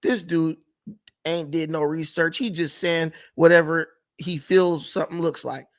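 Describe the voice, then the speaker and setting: A man's voice: fairly high pitch, a little slow. A man hosting a casual livestream, arguing points and answering his chat directly. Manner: argumentative, addresses chat directly. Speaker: livestream host.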